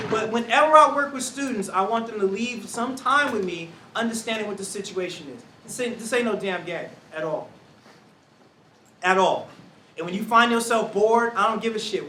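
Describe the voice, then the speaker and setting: A man talks to a room of college students in a loud, slangy, preacher-like way, acting out other people's voices. His voice sits high and bright. It sounds distant and echoey, with faint room ambience. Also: slight background noise. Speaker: speaker to students. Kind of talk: energetic talk to college students. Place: large room with audience.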